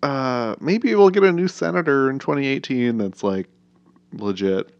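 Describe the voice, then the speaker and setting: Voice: mid-range voice, normal speed, a little mellow, dry recording, highs cut off. A podcast co-host in casual political chat, agreeing often with short replies and laughing easily.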